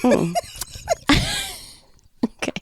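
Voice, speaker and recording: A woman co-hosting a comedy podcast, teasing her partner with a dry, unhurried delivery. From United States. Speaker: podcast co-host. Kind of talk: casual comedic banter.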